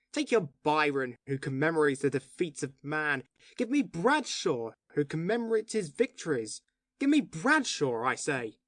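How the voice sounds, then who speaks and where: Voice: medium pitch, no room sound, lightly acted. Someone voicing an impassioned male poet. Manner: impassioned, oratorical arguing. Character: male poet of order, passionate and indignant. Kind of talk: audiobook dialogue reading.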